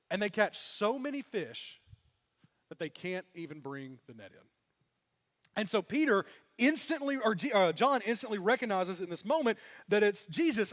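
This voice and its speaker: A man preaching a sermon as pastor, telling the story with animation and acting out what the characters say. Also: high-pitched. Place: church hall. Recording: long reverb of a church hall.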